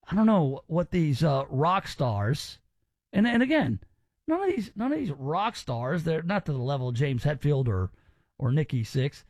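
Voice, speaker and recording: A man hosts a talk radio show in a casual, rambling way, restarting his sentences. His voice sits high and has a gravelly edge. The sound is dry and close. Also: dry recording.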